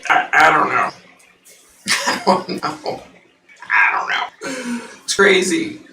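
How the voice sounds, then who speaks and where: A woman hosting a psychic livestream, chatting casually with viewers and laughing often; her voice sounds unusually deep through the mic. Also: creaky, pushed and bright, echoey room, far from the mic, slight background noise, low-quality recording.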